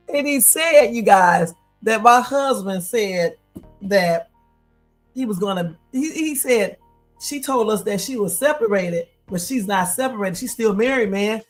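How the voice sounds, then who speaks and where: A woman hosting a live stream, telling a story in an animated, chatty way, often breaking into laughter. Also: medium pitch, unhurried, soft background music. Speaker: livestream host.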